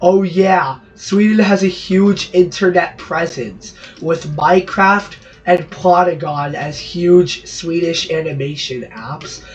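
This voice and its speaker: Rambling Brazilian man, fairly high voice. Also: slow pace, few pauses. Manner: rambling, jokey, self-interrupting asides. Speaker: gaming channel host. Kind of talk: gameplay commentary. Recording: distant, dull lo-fi mic with music behind.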